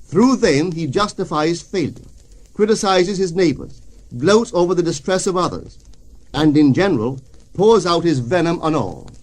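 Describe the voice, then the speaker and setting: A man's voice: on the high side, lively intonation, normal speed, a little mellow. Solemn man reading a spiritual text. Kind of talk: reading a spiritual lecture aloud.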